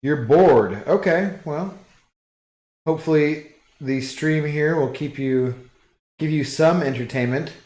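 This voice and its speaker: A man hosting a livestream, chatting casually with viewers and rambling through relaxed asides while reading chat. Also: on the high side, slow pace, pauses often, roomy sound.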